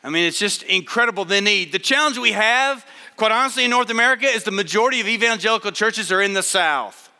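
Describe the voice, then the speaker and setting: Bright, high-voiced man preaching in a hall. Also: fast talker, clear, resonant tone. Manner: humorous, conversational. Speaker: chapel speaker. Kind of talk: storytelling sermon. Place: large chapel hall. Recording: long hall reverb.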